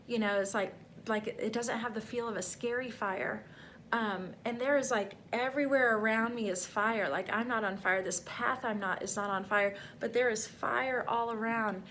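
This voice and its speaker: A woman's voice: a little high, fairly even intonation, moderate pace, a bit bright, a little hiss or hum. A middle-aged woman vlogging a personal faith testimony, talking in a rambling, heartfelt way full of fillers.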